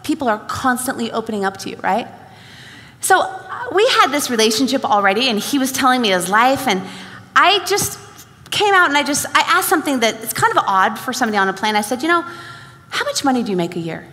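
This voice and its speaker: A young woman tells stories from a stage, bringing each exchange of dialogue to life. Her high voice rises and falls widely. A large hall gives her words a long reverb. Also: a little fast. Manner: animated storyteller acting out dialogue. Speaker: speaker at a sales event. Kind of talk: motivational stage talk.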